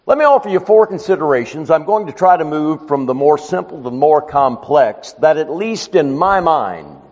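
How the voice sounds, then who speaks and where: Animated male preacher in an echoey hall. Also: on the high side, normal speed, muffled recording. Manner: animated storytelling, emphatic. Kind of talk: sermon.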